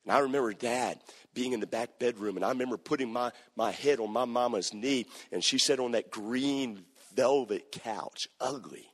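A male pastor preaching a sermon, moving between hushed storytelling and shouting. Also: mid-range voice, normal speed, hardly any pauses. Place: church sanctuary. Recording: echoey church hall.

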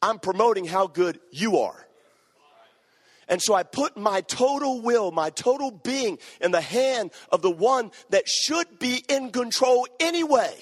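A man's voice: high voice, lively intonation, measured pace, slightly rough, in a large hall. A man preaching a sermon, emphatic and repeating his key phrases.

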